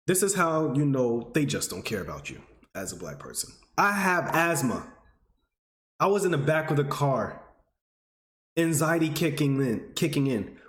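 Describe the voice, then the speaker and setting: A man in his twenties, telling a personal story to his audience in an earnest, emotional way. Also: roomy sound. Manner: earnest, emotional, rising pitch when stirred. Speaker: vlogger.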